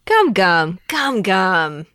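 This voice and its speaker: A woman's voice: mid-range voice, big pitch swings, extremely slow, fairly bright tone, clear, resonant tone, no room sound, clean studio sound. A woman player in a tabletop game, playful and giggly.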